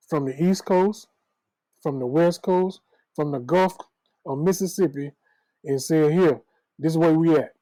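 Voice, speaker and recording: A man's voice: on the high side, warm tone, no echo, low-quality recording. A man giving bold, trash-talking takes in a casual sports chat. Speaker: co-host.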